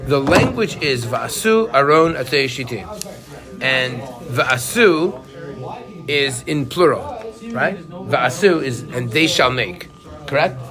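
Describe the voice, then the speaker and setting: A man's voice: mid-range voice, takes it slowly, over music. A man teaching a Torah class who keeps asking his students questions. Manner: animated, asks the class questions.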